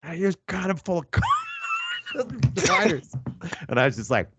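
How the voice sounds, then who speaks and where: A man's voice: high-pitched, huge pitch swings, measured pace, shouting, heavy background noise. A man hosting a podcast, telling a crude story in casual chat. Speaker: podcast host.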